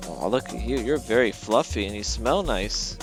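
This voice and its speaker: A man's voice: fairly low pitch, expressive, normal speed, music in the background. A man streaming as a game developer, chatting casually and teasing his dog at home.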